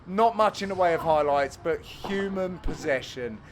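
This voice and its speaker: A man giving a cheeky, jokey, self-mocking voice-over commentary on amateur match footage, with bursts of excitement. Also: on the high side, normal speed, a little hiss or hum. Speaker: channel host and commentator.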